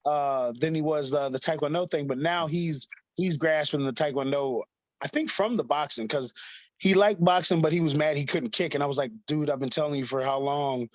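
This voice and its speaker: A man in his thirties chatting as an interview guest, his voice sitting a little high. He rambles, laughs often and fills gaps with "like" and "you know". The sound is dry and a bit muffled. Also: brisk, no echo. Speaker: guest, fighter. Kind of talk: casual interview chat.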